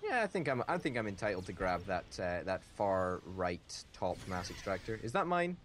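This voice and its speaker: Lowish-voiced guy rambling about his game, pokes fun at himself, hiss in the background. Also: lively intonation, moderate pace. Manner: chatty, self-mocking, jumpy pitch. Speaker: game commentator. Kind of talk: casual gameplay commentary.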